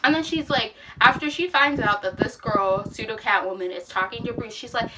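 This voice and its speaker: A woman's voice: a little high, expressive, normal speed, few pauses. A young woman reviewing a book in casual chat, rambling and exasperated, with lots of "like". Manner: exasperated, rambling, heavy use of "like". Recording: slightly distant mic with faint hiss.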